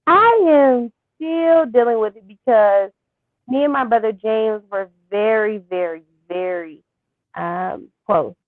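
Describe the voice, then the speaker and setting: A young woman interviewed as a guest, telling a personal story softly and haltingly, with many fillers. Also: fairly high pitch, no echo. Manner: soft-spoken, halting with fillers. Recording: thin phone-like line.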